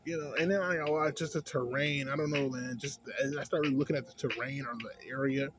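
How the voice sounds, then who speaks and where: A man's voice: mid-range voice, fairly even intonation, fairly quick, a loud crowd. A man casually rambling through a movie review, slangy and profane, full of filler tags. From a city. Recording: music playing loudly behind.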